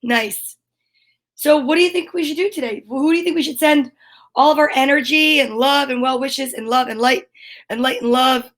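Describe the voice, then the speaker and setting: A woman's voice: sits high, normal speed, a bit bright. A woman hosting a children's story time in a cheerful, goofy way, reading out long lists of names. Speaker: host of a kids' story time show. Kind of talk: casual chat to children.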